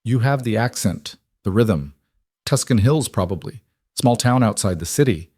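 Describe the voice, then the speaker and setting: A man playing a calm, watchful crime boss who speaks quietly with a northern Italian accent. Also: lowish voice, normal speed, no echo, clean studio sound. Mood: cool. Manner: quiet, calm, nearly murmured.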